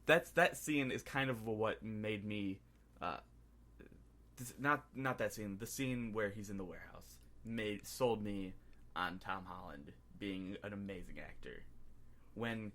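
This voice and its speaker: Male podcast co-host, lowish voice, rambling casual recaps. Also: measured pace, pushed and bright. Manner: rambling, acts out scenes in quoted voices. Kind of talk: casual movie review chat.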